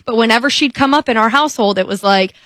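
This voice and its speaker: Young woman, podcast co-host, candid animated storyteller, slightly high voice, dry close mic. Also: fast, dry recording. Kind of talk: casual chat.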